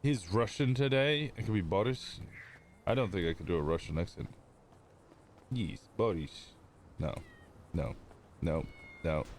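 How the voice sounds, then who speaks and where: A man's voice: sits low, measured pace, pauses often, slight background noise. A man livestreaming a roleplay game, chatting casually with his viewers in a rambling, self-interrupting way. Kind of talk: casual chat with stream viewers.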